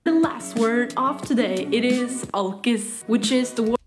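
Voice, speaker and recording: A woman's voice: a little high, a little slow. Woman explaining slang over music. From Norway. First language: Norwegian. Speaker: co-host. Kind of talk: casual chat explaining slang.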